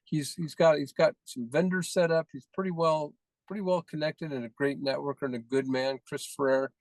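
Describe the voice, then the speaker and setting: A man's voice: on the high side, fairly even intonation, fairly quick, darkish tone, no echo, poor audio. A man leading a team call, praising members one by one in effusive, repetitive phrases. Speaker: team leader presenting recognitions.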